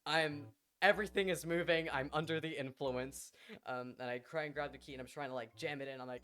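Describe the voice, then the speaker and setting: A man telling a long story on a live stream in a lively, profane way, full of fillers and bursts of laughter. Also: on the high side, fast talker.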